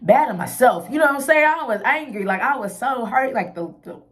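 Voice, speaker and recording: A woman's voice: on the high side, expressive, a little fast. A young woman telling a personal story in a casual vlog, candid and emotional, full of slang and asides to her viewers. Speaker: vlogger.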